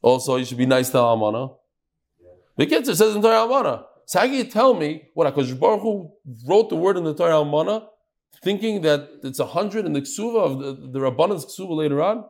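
A man's voice: fairly high pitch, lively intonation, fast talker. A man teaching a Talmud class, reading the text in a sing-song lilt and questioning his students.

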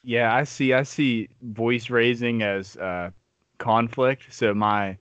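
A young man chats easily as a podcast co-host, loose and profane, laughing between stories. His voice sits at a middle pitch. The audio is dry and a little muffled. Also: fairly even intonation, takes it slowly, fairly bright tone, dry recording. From Southern United States. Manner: laid-back, profane storyteller who laughs often. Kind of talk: casual chat.

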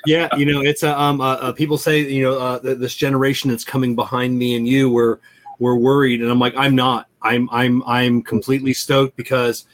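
A middle-aged man hosting a show, speaking in a halting way with many fillers and a hopeful tone. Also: mid-range voice, level tone. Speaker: host. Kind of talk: casual conversation.

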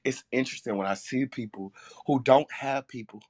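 A man's voice: medium pitch, moderate pace, darkish tone. A man hosting a faith talk show, speaking with emotion and a preacher's repetition. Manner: emotional, preacherly, repeats phrases for emphasis. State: tearful at times. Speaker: podcast host.

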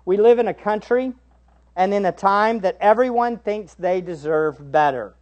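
A man preaching a sermon as pastor, shifting between hushed asides and raised, emphatic questions to the congregation. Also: sits high, moderate pace. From United States. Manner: rhetorical tag questions to the congregation.

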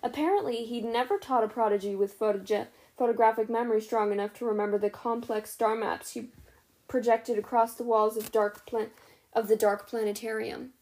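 A young woman reading a novel aloud as a podcast host, steady with the odd stumble and self-correction. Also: fairly high pitch, moderate pace. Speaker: audiobook reader, podcast host.

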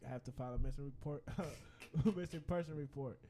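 A man's voice: medium pitch, moderate pace, a crowd in the background. A man in casual chat with friends, playful and slangy, often repeating himself.

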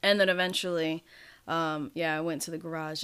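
A woman's voice: sits low, level tone, normal speed, fairly bright tone, clean tone. A woman co-hosting a podcast over a video call, chatting casually in a rambling, profane way and laughing often. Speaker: podcast co-host. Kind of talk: casual chat. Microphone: remote video call mic.

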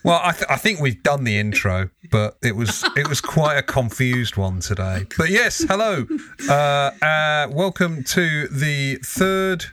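Man, podcast host, casual chat, lively pitch, frequent swearing. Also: unhurried. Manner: swears freely, laughs often.

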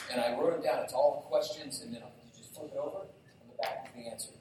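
A man preaching a sermon as pastor, telling stories with lively energy and asking the congregation questions directly. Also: medium pitch, fast talker, a little hiss or hum. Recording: very echoey hall, distant mic.

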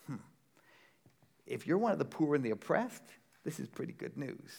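A man preaching a sermon in a conversational, rhetorical way, often checking in with a quick "right?". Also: on the high side, very animated, gravelly, a little mellow, breathy edge. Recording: long reverb of a large hall.

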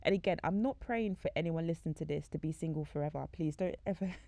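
A young woman with a low, gravelly voice gives a casual faith talk. She speaks in a chatty, filler-heavy way and often acts out the conversations she recounts. The sound is dry and close, with a mellow tone. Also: quick pace, no echo.

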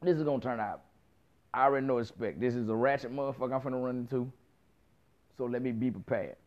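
A man's voice: medium pitch, fast. A man in his thirties telling a story in a casual rant, heavy on slang, profanity and acted-out quotes. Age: 30s. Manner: profane, animated, lots of quoted dialogue and slang. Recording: muffled lo-fi recording.

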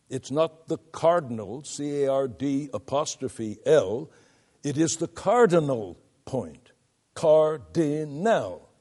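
Older male lecturer, slow measured delivery, animated pitch, reads quotes and spells out words. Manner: reads quotations aloud, spells words out, shifts volume for emphasis. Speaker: preaching lecturer. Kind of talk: classroom lecture on preaching.

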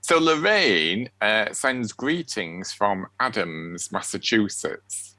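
Giggly Sheffield podcast co-host, lively swinging pitch, bright tone. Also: male voice, takes it slowly, no room sound. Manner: giggly, chatty, rambling. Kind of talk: casual chat.

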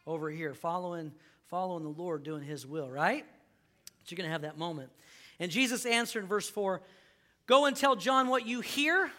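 Bright high-voiced preacher, casual and emphatic. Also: male voice. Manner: conversational and joking, rising to emphatic preaching. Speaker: pastor. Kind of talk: sermon.

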